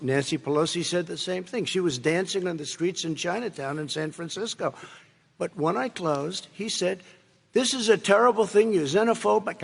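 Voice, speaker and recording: A man's voice: high-pitched, creaky. Combative older man in debate hall. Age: 70s. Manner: interrupting, combative, repetitive. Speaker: debate candidate. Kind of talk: heated live debate. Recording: live hall with reverb.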